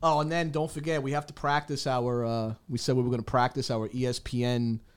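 A man's voice: medium pitch, flat delivery, fairly quick, clean tone. A man co-hosting a casual sports podcast, joking around and laughing often. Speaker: podcast co-host.

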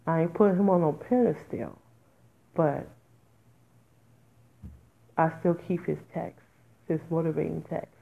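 Woman podcaster, low gravelly voice, raw and candid, phone-quality sound. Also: a little slow, long pauses. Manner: raw, candid, emphatic with sudden loud outbursts; informal, speaks in dialect. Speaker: podcast host. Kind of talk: emotional personal monologue. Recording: tinny phone-like audio.

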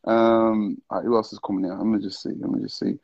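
A tipsy man hosts a casual livestream, chatting with viewers in thick slang. His voice is mellow and a little husky. The stream audio is dull and lo-fi. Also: lowish voice, quick pace. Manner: excitable, slang-heavy, talks to viewers. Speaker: livestream host. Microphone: live stream with call-ins.

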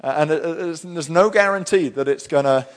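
A man's voice: a little high, moderate pace. A middle-aged male pastor preaching a sermon in church, talking in a conversational, storytelling way with frequent restarts.

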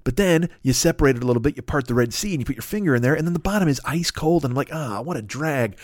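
A man's voice: on the high side, racing, dry recording, clean studio sound. A man hosting a podcast, delivering a comedic solo monologue as a profane, rambling rant full of tangents. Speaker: podcast host.

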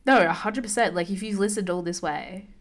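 A woman's voice: medium pitch, brisk. A young woman co-hosting a casual podcast, chatty and full of "like", swearing freely. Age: young adult. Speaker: podcast co-host. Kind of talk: casual chat.

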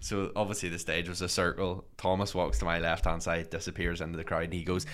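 A man's voice: low voice, level tone, fast talker, fairly bright tone. A young man, animatedly telling a story in casual chat and acting out his friends' lines.

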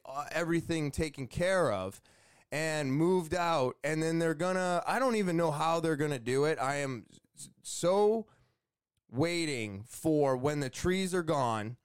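A man's voice: a little high, smooth, no echo, clean studio sound. Chatty man telling a homeowner story. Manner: chatty, animated retelling with quoted dialogue. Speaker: homeowner vlogger. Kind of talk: casual storytelling to camera.

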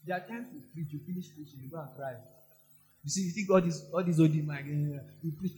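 A man with a Nigerian accent preaching a sermon, telling personal stories and swinging from soft asides to loud exclamations. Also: high-pitched, expressive, fast, faint music behind. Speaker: pastor.

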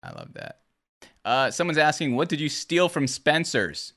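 Male stream host, lively bright voice, easygoing and teasing, reads chat questions aloud. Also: medium pitch, moderate pace, gravelly. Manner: reads viewer questions, laid-back, teasing. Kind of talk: casual chat.

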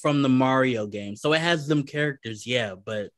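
A man co-hosting a podcast, ranting in casual chat with lots of swearing and animated outbursts. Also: medium pitch, normal speed, no room sound, studio quality. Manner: profane, animated rants. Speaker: podcast co-host.

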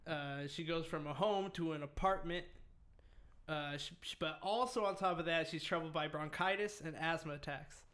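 A man's voice: on the high side, normal speed, fairly bright tone. A man co-hosting a casual podcast, telling a true-crime story in a loose, joking, profane way.

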